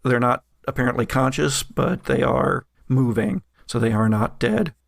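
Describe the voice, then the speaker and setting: A man's voice: medium pitch, moderate pace, gravelly, no room sound, clean studio sound. A man narrating as game master in a casual actual-play audio drama, loose and full of hesitations. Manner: loose, hesitant with many uhs.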